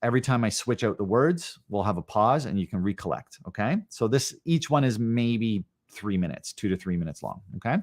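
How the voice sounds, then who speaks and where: A man, an educator, guiding a live meditation lesson in a calm, unhurried way, with long pauses and slowly repeated short phrases. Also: on the low side. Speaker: educator leading a live session. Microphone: live stream setup.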